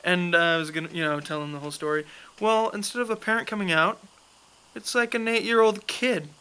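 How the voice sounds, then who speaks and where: A man's voice: sits high, a little fast, sharp tone, clean tone, rough recording. A young man telling a funny story in a casual chat, laughing often as he goes.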